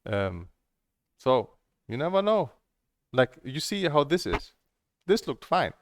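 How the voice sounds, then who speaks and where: A man's voice: fairly high pitch, big pitch swings, takes it slowly, slight background noise. A middle-aged man, a table tennis coach, rambling candidly through stories and plans, swearing freely as he talks. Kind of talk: casual rambling monologue.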